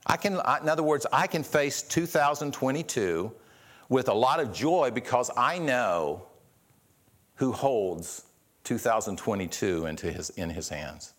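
A man's voice: medium pitch, animated, a little slow. A man preaching a sermon, earnest, often restarting and repeating words and asking rhetorical questions. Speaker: pastor.

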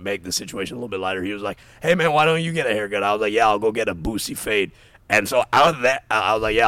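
Young man, low voice, dry close sound, animated storyteller. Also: dry recording. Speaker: storyteller among friends. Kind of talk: casual podcast chat.

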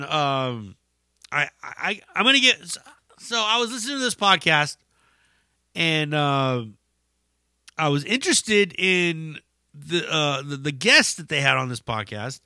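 A man talks alone into a dry close mic, his bright, tense voice rising and falling in a lively way. He rants slowly and profanely, drifting into rambling asides full of fillers. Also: fairly high pitch, clear, resonant tone, dry recording. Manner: profane, animated ranting with frequent swearing. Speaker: podcast host. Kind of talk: casual solo podcast rant.

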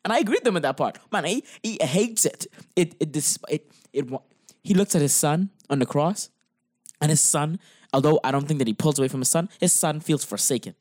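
A man's voice: fairly high pitch, expressive, brisk, a little mellow, no room sound, studio quality. A man who preaches, talking through his faith in a casual discussion, earnest and impassioned, pressing his points with emphasis.

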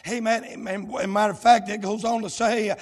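A man preaches at full cry, his high voice ringing off the walls of a large sanctuary with a long, trailing echo. He chants in drawn-out shouted bursts, gasping "uh" between each phrase. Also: level tone. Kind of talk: shouted revival sermon. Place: church sanctuary.

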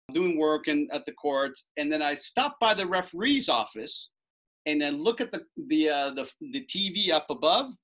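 Lively man telling a story, bright voice. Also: on the high side. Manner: animated, acts out quoted lines with raised voice. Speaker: storyteller recounting a bet. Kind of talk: casual anecdote told to an audience.

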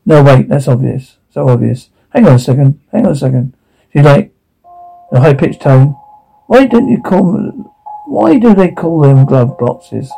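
An awkward, bashful young man, played by an actor, tells a rambling story and keeps cutting himself off to restart. His voice is husky and gravelly, with a dark, mellow tone. The delivery is natural, like a scene from a film. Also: on the high side, poor audio. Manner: rambling, self-interrupting. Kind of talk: naturalistic screen acting.

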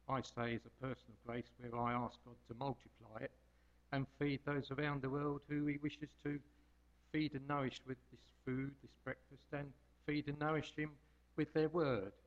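A man's voice: mid-range voice, dull audio. A man giving an informal devotional talk as a lay preacher, homely and rambling, hesitating with frequent ums.

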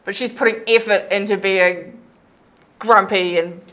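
A woman's voice: mid-range voice, unhurried. A woman player in a tabletop game, talking through her character in a playful way. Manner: playful, animated.

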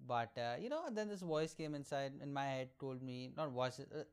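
An aspiring comedian from India in his 20s hosts a solo podcast, telling candid, profane, self-mocking stories. His voice is mid-range and smooth, at a normal speed.

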